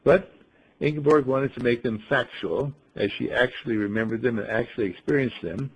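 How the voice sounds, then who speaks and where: A man's voice: medium pitch, a little fast, husky. A man giving a storytelling talk, who asks rhetorical questions and playfully acts out the scenes he describes. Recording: dull lo-fi recording.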